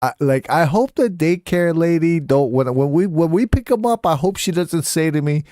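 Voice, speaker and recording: A man's voice: a little high, animated, moderate pace, warm tone, no echo, clean studio sound. A young adult man telling stories casually on a live stream, swearing freely and slipping into voices when he quotes people.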